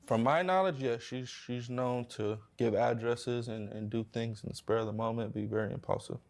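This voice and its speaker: Measured man in mid register. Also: medium pitch, creaky, a little mellow. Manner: measured, hedging. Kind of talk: casual discussion.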